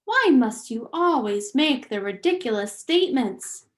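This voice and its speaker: A woman voicing a vain, dramatic mother mouse with a put-on French accent, haughty and high-pitched in a storybook reading. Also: big pitch swings, measured pace. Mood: indignant.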